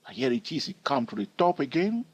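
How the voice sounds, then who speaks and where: A man's voice: medium pitch, sing-song, fairly quick, breathy edge, no echo. A man teaching trading over a chart, explaining step by step and often checking in with "all right?". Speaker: trading educator.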